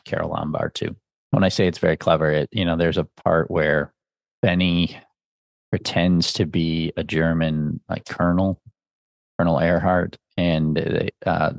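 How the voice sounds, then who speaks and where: Deep, gravelly man reviewing films. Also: dry recording, clean studio sound. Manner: musing, conversational, thinks aloud. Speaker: podcast host. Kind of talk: casual film review.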